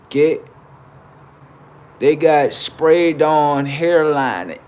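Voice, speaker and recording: A man's voice: medium pitch, a little mellow. A man hosting a livestream, improvising a mocking comedy roast full of rhetorical questions, speaking. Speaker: livestream host.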